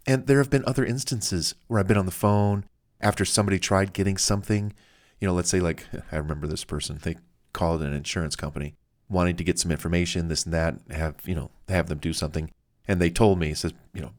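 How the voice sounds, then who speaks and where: Deep-voiced, chatty self-help narrator. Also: male voice, fast talker. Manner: casual, anecdotal, with fillers and chuckles.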